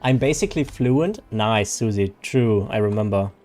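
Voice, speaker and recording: A man's voice: on the low side, lively intonation, normal speed, darkish tone, soft background music. A man, chatting casually and rambling to viewers while he streams a game. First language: German. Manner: rambling, chatty, reads viewer names aloud.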